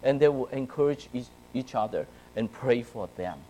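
A man from China preaching to young people, telling a personal story with animated swings between hushed and loud, often checking in with "right?" and "okay?". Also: mid-range voice, moderate pace, slight background noise, poor audio. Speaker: youth speaker.

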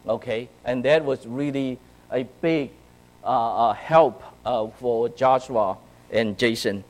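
A man from China preaching to young people, telling a personal story with animated swings between hushed and loud, often checking in with "right?" and "okay?". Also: medium pitch, takes it slowly, poor audio. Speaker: youth speaker.

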